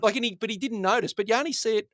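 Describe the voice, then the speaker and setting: A man co-hosting a movie podcast, retelling scenes with animated laughter. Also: sits high, racing, no echo, clean studio sound. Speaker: podcast co-host. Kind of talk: casual podcast chat.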